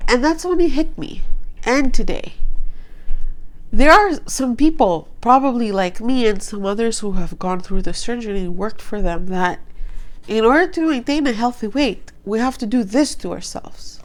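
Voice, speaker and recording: A woman's voice: fairly high pitch, animated, moderate pace. A woman in her thirties talking straight to camera in a personal vlog, earnest and impassioned, a little emotional, rambling with restarts as she makes her point. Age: 30s. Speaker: vlogger.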